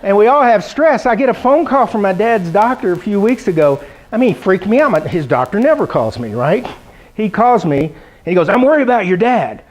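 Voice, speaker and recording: A man's voice: high voice, normal speed, poor audio. A middle-aged man giving a humorous keynote speech at a conference, telling stories and acting out the voices of the people in them. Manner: animated storytelling, acts out quoted voices. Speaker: keynote speaker. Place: conference hall.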